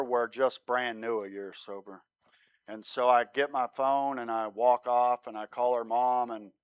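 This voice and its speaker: Smooth-voiced man telling his testimony. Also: mid-range voice, fairly bright tone, dry recording. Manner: conversational storytelling, often asks "right?". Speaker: guest speaker sharing his testimony. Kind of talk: sermon testimony.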